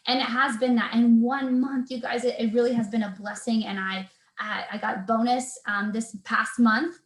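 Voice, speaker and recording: A woman in her thirties talks as a guest on a video call, her voice sitting a little high. She sounds earnest and faith-filled, restarting her sentences and filling pauses with "um" and "like." The room around her is echoey. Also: fairly even intonation. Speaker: guest, personal trainer. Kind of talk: casual video interview chat.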